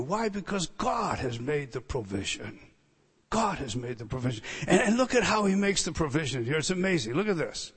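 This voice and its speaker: An older male preacher delivers a sermon in a fairly high voice, repeating key phrases for emphasis. He drops to a hush, then climbs to ringing declarations. The long reverb of a large hall trails behind his words. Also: expressive, a little fast, breathy edge. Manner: emphatic, swings from hushed to loud, repeats phrases.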